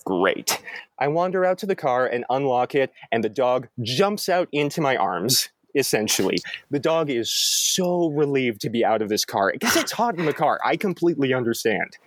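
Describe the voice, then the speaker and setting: A young man telling a story in a casual chat, animated and acting out quoted lines in a raised voice. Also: mid-range voice, moderate pace, few pauses. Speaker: storyteller guest.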